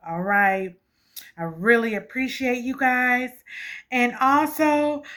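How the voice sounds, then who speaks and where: High-voiced emotional woman spiritual vlogger. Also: fairly bright tone. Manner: emotional, repeats "okay" often; laughs and gushes with gratitude. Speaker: spiritual channel host. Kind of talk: spiritual vlog chat.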